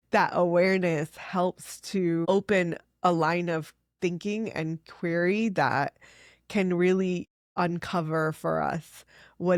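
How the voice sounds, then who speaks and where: A middle-aged woman, a fertility doctor, telling patient stories in an earnest, animated way with many "like"s. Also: sits low, no room sound, clean studio sound. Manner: earnest, animated storytelling with frequent "like". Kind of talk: conversational interview.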